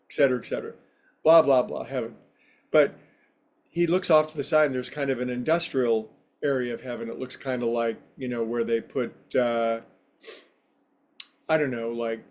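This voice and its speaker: A man's voice: mid-range voice, a little mellow. A man who teaches yoga and meditation, giving a casual spiritual talk in a rambling, anecdotal, conversational way.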